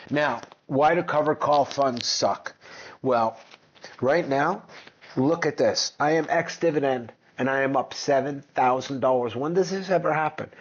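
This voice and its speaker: Brash, profane man with a dull mic. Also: fairly high pitch. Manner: brash, profane, excitable, jumps between numbers. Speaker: finance video host. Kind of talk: casual screen-share commentary.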